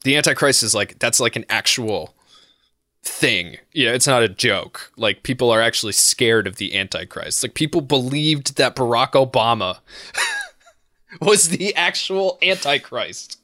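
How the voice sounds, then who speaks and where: A man's voice: medium pitch, lively intonation, unhurried, pushed and bright, no room sound, clean studio sound. A man chatting casually on a podcast, telling stories in a rambling, profane way with lots of fillers. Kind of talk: casual chat.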